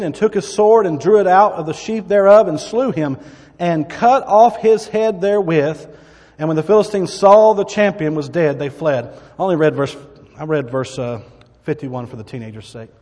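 A preacher with a high voice reads scripture with dramatic emphasis, breaking off into casual asides for his listeners. His voice rings out with a long reverb, as if filling a church hall. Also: moderate pace, darkish tone. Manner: dramatic Bible reading with asides. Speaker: pastor. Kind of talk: sermon.

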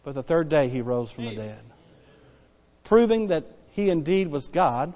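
A man preaching a sermon as pastor, emphatic and repetitive, dropping soft then rising loud to stress his points. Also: fairly high pitch, big pitch swings, unhurried. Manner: emphatic preaching, repeats key phrases, swings between soft and loud. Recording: long hall reverb.

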